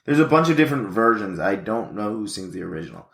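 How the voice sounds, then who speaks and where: A man's voice: fairly low pitch, very animated, quick pace, vocal fry, a bit bright, echoey room. A young man co-hosting a podcast, dry and laid-back, often laughing. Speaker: podcast co-host. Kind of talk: casual chat.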